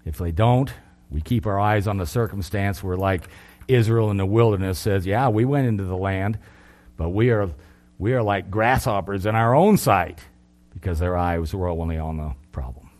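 A middle-aged man preaching a sermon, earnest, lifting his voice for emphasis and then dropping low. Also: moderate pace, darkish tone.

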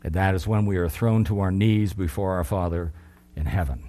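A middle-aged man preaching a sermon, earnest, lifting his voice for emphasis and then dropping low. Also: normal speed, warm tone.

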